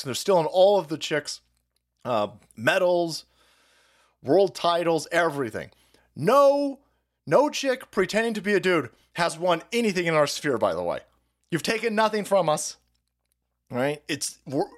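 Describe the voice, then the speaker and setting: Profane, animated male stream host. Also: a little high. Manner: profane, combative, sarcastic. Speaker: political livestream host. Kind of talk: ranting commentary.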